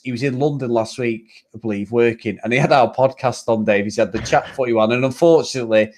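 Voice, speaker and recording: A man's voice: mid-range voice, fast talker, hardly any pauses, a little mellow. A man from Manchester with a Mancunian accent, co-hosting a football podcast in a chatty, casual way. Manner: chatty, laughs often, apologetic asides. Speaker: podcast co-host.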